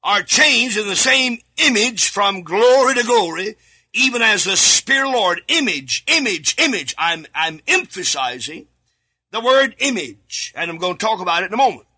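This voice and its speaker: A man preaching a sermon alone in a studio, reading scripture aloud and repeating key words, sometimes breaking into shouts. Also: sits high, expressive, moderate pace. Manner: reads scripture aloud with verse references.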